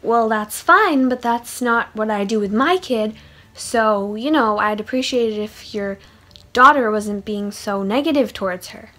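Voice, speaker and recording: A woman's voice: a little high, a little slow, fairly bright tone, faint music behind. A woman playing her own protective mother, stiffly polite toward another parent. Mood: stern.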